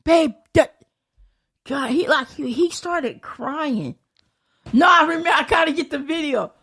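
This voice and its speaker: This woman is a podcast guest chatting casually and bluntly, telling profane stories and laughing often. She acts out other people's lines in quotes, using their voices. Her voice sits high and sounds animated and a bit bright, at a measured pace.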